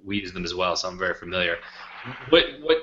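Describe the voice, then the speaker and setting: Male interviewer, deep forceful voice, halting restarts, echoey room, dull recording. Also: lively intonation, slight background noise. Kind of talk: casual interview questions.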